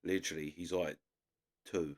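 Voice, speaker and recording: A man's voice: deep voice, fairly even intonation, normal speed. An English man hosting a reaction video, chatting loosely and laughing as he comments.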